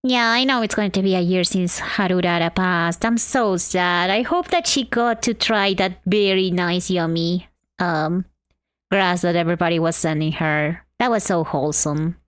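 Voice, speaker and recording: A woman's voice: lowish voice, moderate pace, clean tone, no room sound. A woman from Argentina streaming live while drawing, chatting in a bubbly way and greeting her chat.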